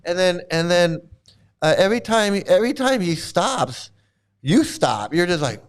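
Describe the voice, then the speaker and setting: A man hosts a loose livestream chat with a slightly raised pitch and a smooth, clear voice. He rambles, stammers and repeats himself, mocks as he goes, and breaks into laughter often. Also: very animated, unhurried. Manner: mocking. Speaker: channel host.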